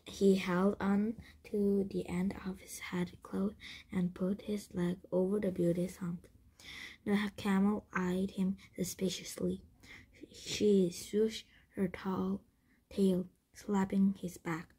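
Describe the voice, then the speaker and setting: A woman reading a children's storybook aloud in a gentle, breathy, husky voice, with occasional slips and restarts. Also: lowish voice, flat delivery, unhurried. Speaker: storybook reader.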